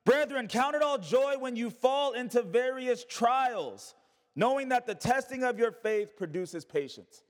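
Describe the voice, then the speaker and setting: Male pastor, sermon delivery, high pitch, call-and-response with the congregation, reverberant hall. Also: expressive, measured pace. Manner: preaching with call-and-response and rhetorical questions.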